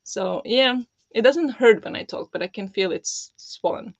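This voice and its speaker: A livestream host chatting casually with viewers, speaking softly and holding the voice low because of a sore, swollen throat. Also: expressive, a little slow, no room sound. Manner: talking softly with a held-back, lowered voice. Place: home.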